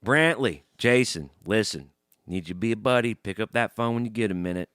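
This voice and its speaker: A man's voice: fairly low pitch, lively intonation, a little fast, fairly bright tone, clean tone, no room sound, clean studio sound. A man playing a pushy, rambling man leaving phone messages for a friend. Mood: pleading. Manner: rambling and insistent.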